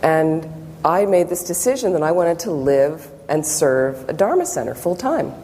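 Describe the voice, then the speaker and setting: A woman's voice: low voice, very animated, normal speed, dark tone. A Buddhist nun giving a public talk, telling personal stories and acting out her own inner thoughts. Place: meditation center hall. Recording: long hall reverb, faint background noise.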